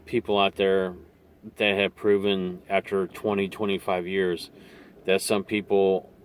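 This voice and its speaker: A man's voice: low voice, slight background noise. A man talking straight to camera in a casual opinion monologue, rambling a little with restarts and asides. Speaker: vlogger.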